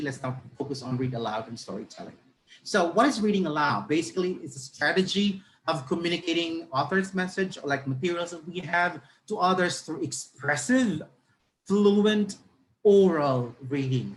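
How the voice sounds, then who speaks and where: Filipino-accented speaker running a webinar lecture, mid-pitched voice, expressive and code-switching, faint hiss behind. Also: rough recording. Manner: stretches key words and acts out example sentences with big swings in pitch; switches between English and Tagalog mid-sentence. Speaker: teacher trainer.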